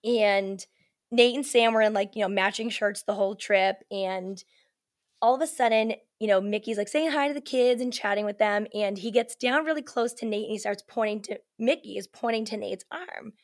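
A woman telling a story as a podcast guest, in a chatty, animated way full of "like" and "you know", acting out what people said. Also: medium pitch, normal speed. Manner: animated, acts out quoted lines. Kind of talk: casual storytelling chat.

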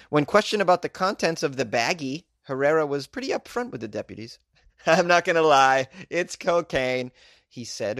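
In a dry, studio-quality recording, a man with a medium-pitched voice riffs on news stories in a casual comedy monologue. As a comedic commentator, he mocks what he reads with a sarcastic edge and throws in chuckling asides.

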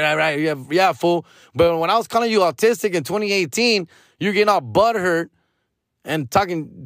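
A man's voice: a little high, fairly bright tone, no echo, clean studio sound. A man from Los Angeles, a stand-up comedian telling a comedic story, profane and slangy and sprinkling in Spanish words.

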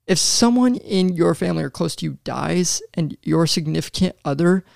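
A man with a strongly gravelly, fry-heavy voice, co-hosting a casual podcast chat. He talks bluntly, swears freely and lectures listeners on relationships. The sound is close and dry. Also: fairly high pitch, lively intonation, moderate pace, a little mellow, dry recording. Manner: blunt, swears a lot, gives advice to listeners. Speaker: podcast co-host.

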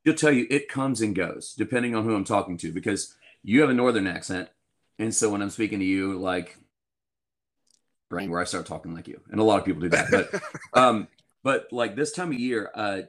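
A young adult man with a light Southern US accent, chatting as a guest in an interview and telling lively stories. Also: lowish voice, moderate pace. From Georgia, US. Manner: animated storyteller, acts out quoted voices. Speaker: guest musician. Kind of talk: casual interview chat.

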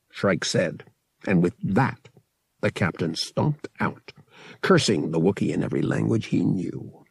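Male audiobook reader, animated pitch, raspy texture, dead-dry recording. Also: unhurried, no echo. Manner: expressive, dramatic storytelling. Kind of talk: audiobook narration.

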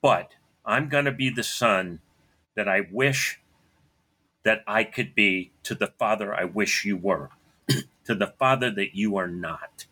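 Bright-voiced man, blunt, clearing his throat. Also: on the low side, measured pace. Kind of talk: personal storytelling.

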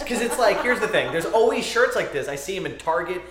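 Animated ranting man in an echoey room. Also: high voice, brisk, crowd noise. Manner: ranting, exasperated, laughing. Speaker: comedian on tour. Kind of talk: casual podcast chat.

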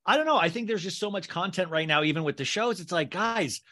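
A man co-hosting a podcast, rambling in casual chat with animated asides. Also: sits high, fast. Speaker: podcast co-host.

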